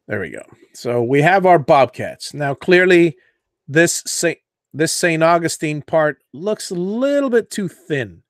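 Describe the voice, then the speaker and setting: A man hosts a live tutorial, his voice sitting a little high and moving at a slow, deliberate pace. He thinks aloud as he clicks through the software, dropping fillers and correcting himself. The sound is dry and close, with no room around it. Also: no room sound. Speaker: host of a CNC woodworking show.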